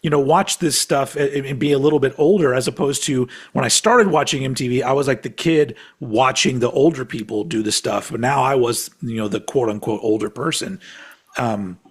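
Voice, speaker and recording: Husky-voiced man in his forties, excitable. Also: mid-range voice, moderate pace. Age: 40s. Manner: excitable and profane, swears freely. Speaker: podcast co-host. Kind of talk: casual chat ranking albums.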